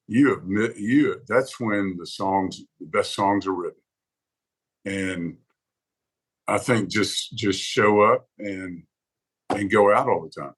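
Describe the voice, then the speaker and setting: A man talks in a relaxed interview, his voice low and husky. He tells his stories with animated quoted reactions. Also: slow, low-quality recording. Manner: animated storyteller who acts out quoted reactions. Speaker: podcast guest, songwriter advocate. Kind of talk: casual interview conversation.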